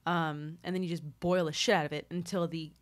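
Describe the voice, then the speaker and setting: Brief: woman co-host, lowish voice, loose and profane, quick to laugh. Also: level tone. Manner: rambling, profane and laughing easily. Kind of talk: casual chat.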